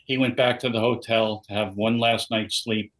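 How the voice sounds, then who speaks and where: A man's voice: on the low side, fairly even intonation, moderate pace, fairly bright tone, low-quality recording. An older man giving a personal testimony as a guest in an interview, telling his story earnestly. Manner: earnest storytelling, quoting others.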